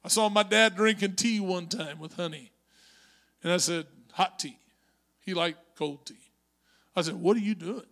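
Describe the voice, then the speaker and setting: A male pastor preaching a sermon in church, moving from conversational storytelling to shouted exhortation. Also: high-pitched, moderate pace, long pauses. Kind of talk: Pentecostal-style preaching. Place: church sanctuary.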